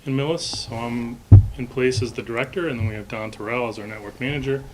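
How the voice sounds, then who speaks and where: A man's voice: mid-range voice, quick pace. A man presenting as a school technology director at a committee meeting, businesslike and polite, with frequent fillers. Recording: very noisy meeting recording.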